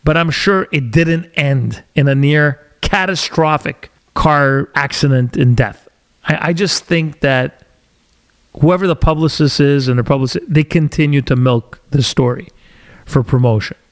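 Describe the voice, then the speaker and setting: Agitated male podcast host ranting. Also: a little high. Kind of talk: opinionated podcast monologue. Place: studio.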